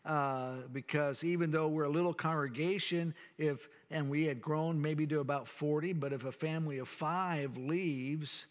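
A man's voice: a little high, fairly even intonation, normal speed, few pauses. Earnest older man preaching in reverberant hall. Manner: folksy, earnest storytelling preacher. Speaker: pastor. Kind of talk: sermon. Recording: long church hall reverb.

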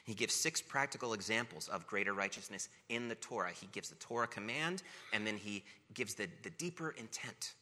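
A man's voice: lowish voice, expressive, fairly quick, bright, forceful tone, a little hiss or hum. A man preaching a sermon, telling family stories with playful self-mockery before turning to teaching. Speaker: pastor. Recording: long reverb of a large hall.

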